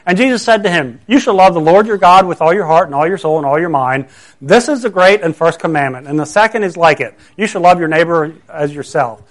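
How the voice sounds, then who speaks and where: A man's voice: fairly high pitch, expressive, fairly quick. A middle-aged man preaching a conversational sermon, earnest and full of rhetorical questions.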